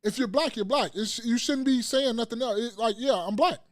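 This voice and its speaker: A man's voice: very high voice, fairly quick, no room sound, studio quality. A man in a casual podcast discussion who talks in long, insistent stretches, acting out quoted exchanges as he makes his case.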